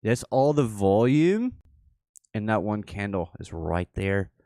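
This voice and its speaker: Slow, playful man hosting a livestream. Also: lowish voice, sing-song, mellow, no echo, studio quality. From Southern United States. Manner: playful, joking, laughs often. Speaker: livestream host. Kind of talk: casual livestream chat.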